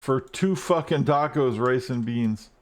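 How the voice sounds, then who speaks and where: A man's voice: mid-range voice, measured pace. A man live-streaming a game, chatting casually and rambling while he plays, swearing often.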